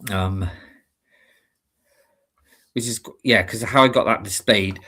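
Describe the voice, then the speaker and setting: A man's voice: fairly low pitch, slow pace, sharp tone, slightly rough. A man from Britain co-hosting a livestream, chatting casually and rambling with lots of fillers. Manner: rambling, hesitant with many fillers. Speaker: livestream co-host. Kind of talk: casual chat.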